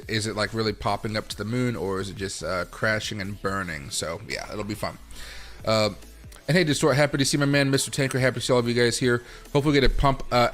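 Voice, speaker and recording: Between comments to his dog, this livestream host rambles casually and calls out viewers by name. His voice is fairly low in pitch with a bit of brightness.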